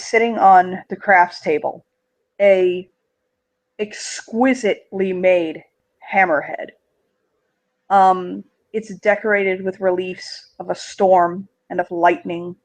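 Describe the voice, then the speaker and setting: A game master narrating a tabletop game, giving halting, filler-heavy descriptions of scenes and characters. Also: medium pitch, rough recording.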